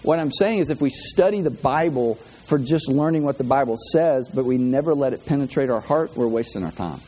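A man's voice: mid-range voice, lively intonation, a little fast, dark tone, slightly rough. A man delivering a casual, conversational sermon with self-deprecating jokes and emotional, heartfelt moments. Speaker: pastor.

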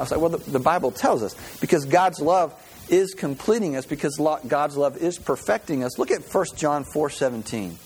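A male pastor giving a conversational, animated sermon and asking the congregation questions. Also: on the high side, normal speed, a little hiss or hum.

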